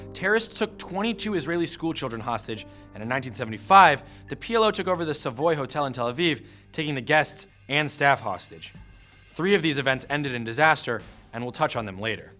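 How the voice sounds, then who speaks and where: A man's voice: a little high, bright, forceful tone. A man giving scripted history narration in a punchy storytelling manner with wry asides.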